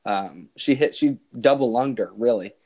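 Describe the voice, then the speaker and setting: On his podcast, a young host tells a rambling story in a casual chat, his medium-pitched voice warm and his speed normal. He frequently starts over and recounts quoted exchanges between people.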